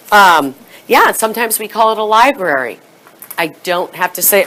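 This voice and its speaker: A woman's voice: lowish voice, normal speed, a bit bright. A woman presenting a teacher training session in a workshop room. She acts out classroom prompts and drops to a whisper to model them.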